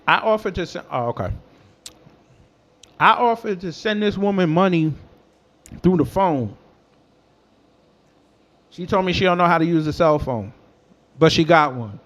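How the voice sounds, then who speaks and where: Animated young man telling a story. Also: high voice, measured pace, long pauses, dull audio. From New York. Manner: animated, slangy, talks back to chat. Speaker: host. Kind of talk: casual storytelling to a livestream chat.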